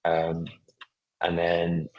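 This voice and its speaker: A man in his thirties, a footballer and club captain, chatting casually in a podcast interview, relaxed, with lots of fillers. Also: deep voice, drawn-out words, muffled recording. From England.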